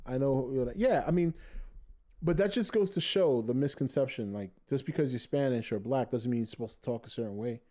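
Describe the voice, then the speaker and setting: Talking a little fast in a dark, medium-pitched voice, a man hosts a casual podcast. He's relaxed and joking, reading out viewer comments and kidding around with the chat.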